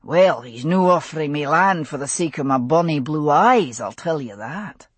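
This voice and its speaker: A woman voicing a drowsy, wry Scottish man who gently teases his wife in bed. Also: deep voice, expressive, moderate pace, breathy edge, dry recording. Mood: wry, thoughtful.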